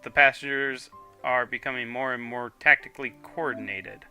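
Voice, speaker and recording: A man's voice: mid-range voice, steady tone, normal speed, pushed and bright, clear, resonant tone, faint music behind. A man streaming a video game, chatting casually and reading on-screen text aloud with frequent fillers. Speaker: gaming streamer.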